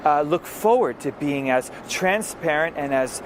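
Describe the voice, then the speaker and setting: A man doing an impression of a male politician who speaks haltingly and fills every pause with "uh". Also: fairly high pitch, animated. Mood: evasive. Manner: hesitant, many filler uhs. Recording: noisy clip with traffic outside.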